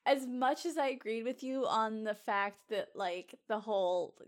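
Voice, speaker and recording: Woman podcast cohost, kinda high voice, excited rambly chat, laughs a lot. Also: measured pace. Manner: enthusiastic, restarts sentences, laughs often. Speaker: podcast co-host. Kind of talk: casual chat.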